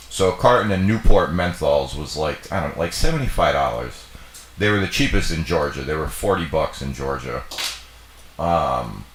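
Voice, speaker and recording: A man's voice: low voice, fairly bright tone, a little hiss or hum. A young man co-hosting a livestream, chatting casually in a rambling way full of fillers and swearing. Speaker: livestream co-host. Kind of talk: casual chat. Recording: echoey room.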